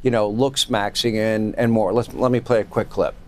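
A man's voice: on the low side, fairly even intonation, normal speed. A man hosting a news talk show, introducing guests and clips with chatty, chuckling asides. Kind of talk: cable news commentary.

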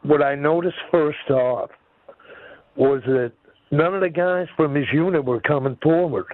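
A man's voice: a little high, measured pace, dry recording. An older man calling in to a radio show over a tinny phone line. He rambles in a folksy, chuckling way, and his voice sounds dry and close. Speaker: caller. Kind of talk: phone-in chat.

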